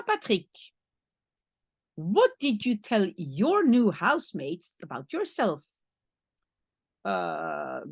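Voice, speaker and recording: A woman's voice: a little high, breathy edge, no echo, studio quality. A woman teaching a French lesson in English, explaining patiently step by step and spelling out each French word. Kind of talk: language lesson.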